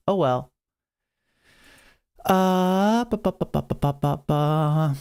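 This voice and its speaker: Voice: mid-range voice, measured pace, warm tone, clean tone. A streamer chatting with viewers and calling a marble race in a playful, hyped announcer style, now and then saying "meow". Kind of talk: live stream chat and playful race commentary.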